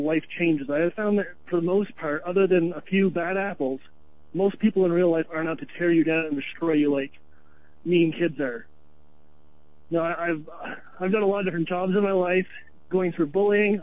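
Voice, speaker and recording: Calling in to a radio show, a Vermont man rambles in an earnest, chatty manner. His voice is high for a man, and the phone line makes it sound tinny.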